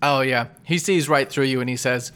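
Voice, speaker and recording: Casual game-master man, mid-pitched, loose and rambling while narrating a tabletop game. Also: normal speed, fairly bright tone, clear, resonant tone. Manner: casual, rambling, thinking aloud.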